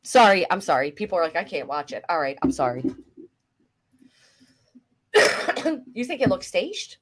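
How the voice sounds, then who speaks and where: A middle-aged woman hosting a casual reaction chat, chatty and animated, swearing casually. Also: mid-range voice, unhurried. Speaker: commentary host.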